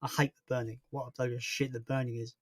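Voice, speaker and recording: A man's voice: mid-range voice, level tone, quick pace, no room sound, studio quality. A young man hosting a casual livestream and chatting through viewer comments in a rambling, self-deprecating way. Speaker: livestream host.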